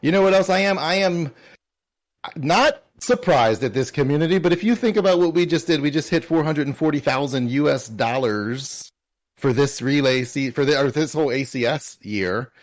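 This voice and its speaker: A man's voice: on the high side, moderate pace. A man co-hosting a charity closing ceremony, upbeat and laughing easily as he reads names from chat. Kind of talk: casual live-stream chat.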